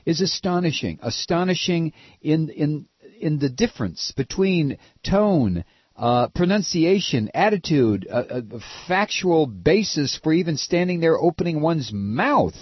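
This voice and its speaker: A man's voice: sing-song, a little slow, slightly rough, no echo, highs cut off. Sarcastic ranting American talk radio man. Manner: sarcastic, mocking, swings from shouting rants to low muttered asides. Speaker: political talk radio host. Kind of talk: opinionated talk radio monologue.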